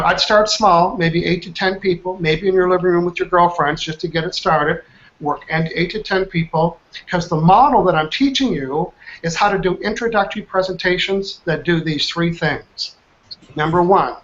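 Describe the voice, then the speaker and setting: A man leading a live online training, energetic, quizzing his group with questions. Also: sits high. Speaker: trainer, workshop host. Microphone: online video call. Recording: dull lo-fi call audio.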